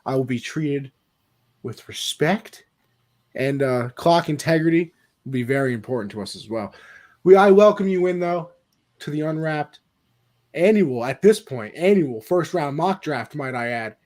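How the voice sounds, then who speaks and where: A man's voice: on the high side, moderate pace, a little mellow. A man hosting a casual online mock draft show as its commissioner. He talks in a playful, joking way and shifts into an announcer tone.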